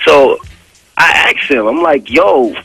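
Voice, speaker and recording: A man on a radio show, casually telling a story with animated, profane street slang. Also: mid-range voice, normal speed, dry recording, poor audio. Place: radio studio.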